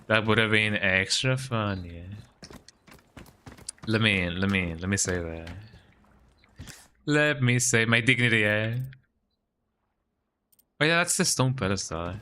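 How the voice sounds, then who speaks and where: A man's voice: on the low side, unhurried, pauses often, pushed and bright, clear, resonant tone. A Spanish-speaking man, chatting casually and playfully while streaming a game, tagging "eh?" onto his lines. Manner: rambling and playful, frequent tag "eh?", breaks into silly sing-song bits. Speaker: gaming streamer. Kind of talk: casual live-stream chat while playing.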